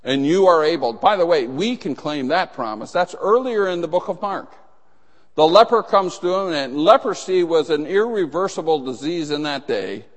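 A man's voice: on the high side, lively intonation, moderate pace. A man preaching a sermon, emphatic, acting out the dialogue of the people in his story. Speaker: pastor. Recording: long hall reverb.

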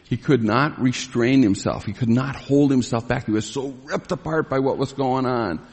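A man's voice: normal speed, darkish tone, slightly rough. Male Bible teacher, mid-range voice, emphatic sermon delivery, long hall reverb. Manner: emphatic, bursts of raised pitch when retelling scenes. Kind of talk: expository sermon.

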